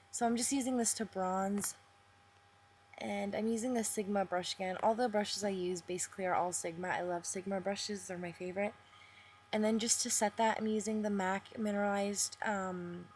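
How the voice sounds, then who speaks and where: Young woman doing a makeup tutorial voiceover, chatty, slowed down on purpose, mid pitch. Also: darkish tone, slight background noise. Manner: deliberately slowed, chatty step-by-step talk. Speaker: beauty vlogger.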